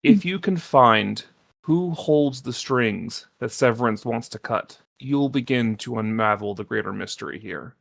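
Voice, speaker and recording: A man voicing an ancient informant who trades in secrets, a character he plays in a tabletop game, speaking in a measured, cryptic way. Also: mid-range voice, animated, gravelly, a bit bright, no echo, full character voice. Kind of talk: voiced role in a tabletop game.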